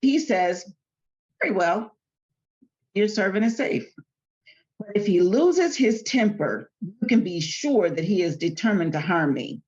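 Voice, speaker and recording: A woman's voice: mid-range voice, very animated, measured pace, darkish tone, highs cut off. Chatty woman teaching a Bible study. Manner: chatty and colloquial, retelling the story in everyday terms. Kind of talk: casual Bible study teaching, reading scripture aloud.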